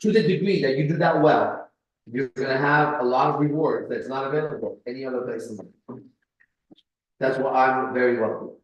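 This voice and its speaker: A man hosting a casual live stream, boastful and profane, with his voice swinging between low mutters and loud bursts. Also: moderate pace, echoey room, lo-fi sound. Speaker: pickup coach host. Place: kitchen.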